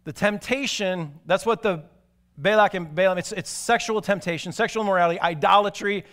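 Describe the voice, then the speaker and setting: A man preaching a sermon, telling stories animatedly and moving from excited to hushed and grave. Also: high-pitched, fairly quick. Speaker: pastor.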